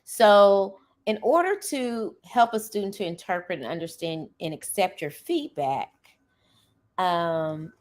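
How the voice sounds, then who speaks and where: A middle-aged woman teacher talks through her classroom habits on her podcast. Her voice sits a little low for a woman. She is earnest and emphatic, checking in with an "okay?" as she goes. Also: lively intonation, a little slow. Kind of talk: casual podcast monologue.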